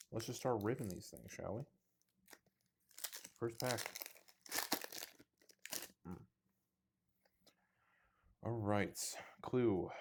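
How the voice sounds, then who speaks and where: Guy ripping card packs on camera, kinda low voice, chatty and jokey. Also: a little mellow, a little hiss or hum. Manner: chatty, self-mocking, reads card names aloud. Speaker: card box opening host. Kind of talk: casual unboxing commentary. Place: indoors under two large lights.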